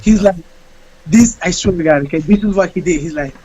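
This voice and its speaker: A man, a fighter being interviewed, telling a story in a casual, animated way and acting out what people said. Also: sits high, brisk, slight background noise, poor audio. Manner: animated, acts out quotes.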